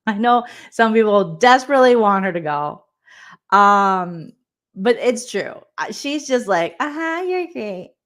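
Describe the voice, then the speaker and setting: A woman's voice: medium pitch, lively intonation, unhurried, fairly bright tone. A woman hosting a live-stream recap of a reality show, chatting casually and joking with a sassy edge. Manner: sassy, joking, acts out quoted people.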